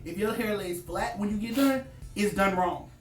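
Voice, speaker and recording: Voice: medium pitch, normal speed. A hairstylist who teaches the craft, talking casually and with emphasis on a panel, repeating points to drive them home. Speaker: hairstylist and educator. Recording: roomy sound from a distant mic, faint music.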